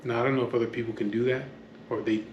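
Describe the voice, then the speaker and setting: A man's voice: mid-range voice, flat delivery, very fast, reverberant, muffled recording, a little hiss or hum. A man telling a story casually to camera from his home, rambling, swearing often and drifting into asides. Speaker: vlogger. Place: at home, near an open door to the street.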